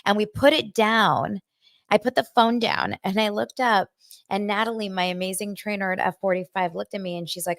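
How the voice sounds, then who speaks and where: A woman's voice: medium pitch, steady tone, normal speed, no echo. A woman hosting her own daily show, speaking candidly and emotionally into a microphone, rambling and restarting as she goes. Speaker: host of a daily pop culture show. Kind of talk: candid casual chat. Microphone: studio microphone.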